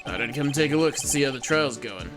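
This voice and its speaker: A woman's voice: very deep voice, lively intonation. A woman putting on a drawling cowboy detective. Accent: put-on American Western drawl. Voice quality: slow folksy drawl. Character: laid-back drawling cowboy detective, adult man. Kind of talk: voicing a game character on a livestream. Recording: game music playing underneath.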